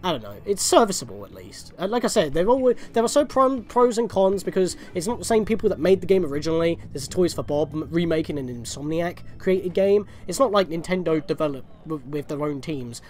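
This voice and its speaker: A man's voice: fairly high pitch, expressive, a little fast, few pauses, darkish tone. Chatty young man narrating gameplay. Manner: rambling, chatty, self-correcting. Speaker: video game walkthrough host. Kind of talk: casual gameplay commentary. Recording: game music faintly behind.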